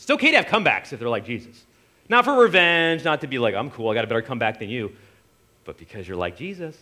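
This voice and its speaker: A man preaching a casual, conversational sermon, often acting out quoted voices. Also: a little high. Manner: animated, conversational, acts out voices.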